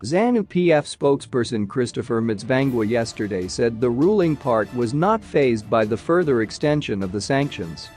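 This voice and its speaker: A man reading a news bulletin in a steady, even, scripted way. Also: medium pitch, moderate pace, hardly any pauses, faint music behind. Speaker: news reader.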